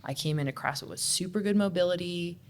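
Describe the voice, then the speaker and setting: Low-voiced woman, frank casual talk. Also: a little hiss or hum. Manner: frank, swears freely, quick asides. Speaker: podcast co-host and CrossFit coach. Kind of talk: casual chat.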